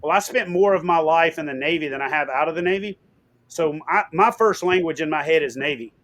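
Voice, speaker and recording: Animated, swearing middle-aged man. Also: a little high, brisk. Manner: animated, swearing, acts out quotes loudly. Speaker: guest. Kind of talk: casual storytelling interview.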